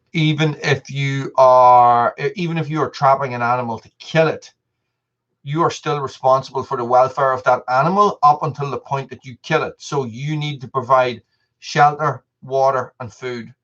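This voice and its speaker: On a muffled recording, a man with a medium-pitched, fairly bright voice hosts a laid-back live stream. He talks to viewers in a meandering way, with frequent restarts and repeated words.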